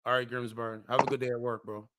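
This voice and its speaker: A man hosting a casual chat in a relaxed, laid-back way, listening and adding his own thoughts. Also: medium pitch, quick pace, very noisy. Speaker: podcast host.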